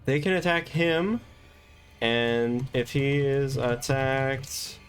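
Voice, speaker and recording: Talking slowly in a medium-pitched voice, a man in the game master role muses out loud. His casual monologue wanders through what he has planned for an upcoming tabletop session.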